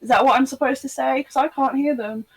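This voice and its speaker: A man doing a chirpy ventriloquist-dummy voice in a squeaky falsetto, speaking over a video call. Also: fairly even intonation, fast, gravelly, heavily acted, rough recording.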